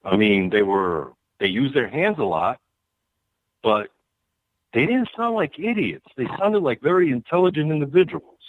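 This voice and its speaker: Lively phone caller, man from new york, tinny line, dry. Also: mid-range voice, moderate pace, no echo. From New York City. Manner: opinionated, animated rise and fall. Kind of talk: casual phone chat.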